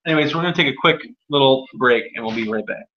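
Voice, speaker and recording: A man's voice: medium pitch, fast talker, sharp tone. A man running a tabletop game as dungeon master, loose and joking, recorded in a room with friends. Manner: loose, joking, self-deprecating. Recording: echoey, dull home recording.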